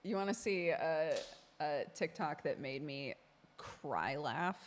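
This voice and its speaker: A woman's voice: low voice, animated, takes it slowly, slight background noise. A woman streamer chatting casually with her viewers, laughing often as she talks. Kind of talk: casual live-stream chat.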